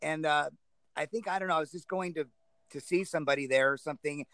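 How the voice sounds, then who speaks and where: Guy on a video call outside, chuckly rambling stories, kinda high voice, dry sound. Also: quick pace, fairly bright tone, smooth, no room sound. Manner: rambling, chuckling, restarts a lot. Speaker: guest, former speedway rider. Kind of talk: casual storytelling chat. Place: outdoors.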